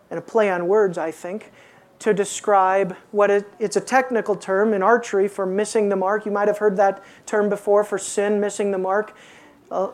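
A woman preaching an expository sermon, asking her listeners rhetorical questions and dropping to a hushed tone for emphasis. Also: mid-range voice.

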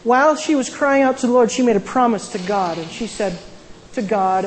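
A woman's voice: a little high, normal speed, long reverb tail, slight background noise, low-quality recording. A woman casually retelling a Bible story as a sermon, with conversational asides and frequent restarts. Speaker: Bible teacher.

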